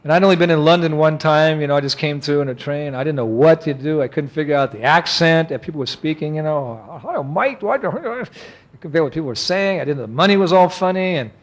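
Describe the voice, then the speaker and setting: An older man in his sixties gives a storytelling lecture as a monk, his voice sitting slightly high for a man. He is animated and acts out the people in his story. He chuckles often as he goes. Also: fast talker, hardly any pauses.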